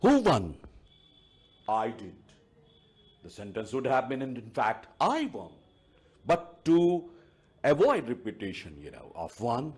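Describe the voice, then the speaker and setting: A male teacher, giving a deliberate televised grammar lesson and saying "you know" often. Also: medium pitch, darkish tone, breathy edge. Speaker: English teacher. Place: TV studio.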